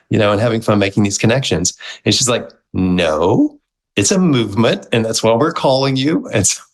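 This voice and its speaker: A middle-aged man, a guest on an interview show, telling his story in a casual, animated way and acting out the quoted dialogue. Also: lowish voice, poor audio. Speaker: guest, movement founder.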